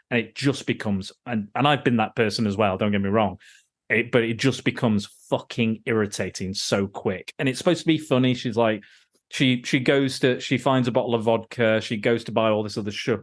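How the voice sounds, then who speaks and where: A man's voice: mid-range voice, normal speed. A man hosting a podcast, chatting casually about a film in a rambling way with lots of swearing and restarts. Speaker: podcast host. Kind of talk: casual film review chat.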